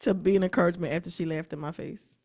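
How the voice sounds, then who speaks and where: A woman's voice: on the low side, fairly even intonation, fast, vocal fry, a little mellow. A woman in her twenties co-hosting a podcast, telling a story in a wry, mock-offended way. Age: 20s. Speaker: podcast co-host. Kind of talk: casual chat.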